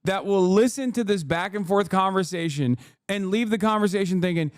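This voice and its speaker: A man's voice: sits high, moderate pace, smooth, dry recording, clean studio sound. A man in his thirties, a streamer, giving blunt, sarcastic commentary on a clip with frequent laughs. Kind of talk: casual commentary.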